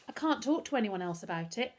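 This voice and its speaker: A determined young boy hero, worried and urgent, as a woman reads him aloud. He talks pleadingly, with a husky edge to the voice. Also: a little high, lively intonation, fast talker, voice pushed up.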